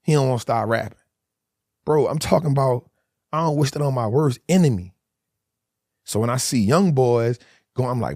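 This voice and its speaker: A man's voice: medium pitch, animated, moderate pace, pauses often, dark tone, no room sound, clean studio sound. A man in his forties, a guest telling hard stories in a candid interview, emphatic and full of street slang.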